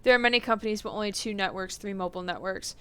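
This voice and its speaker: A woman streaming a game, chatting casually in quick asides and laughing often. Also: medium pitch, pushed and bright, smooth. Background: faint game music.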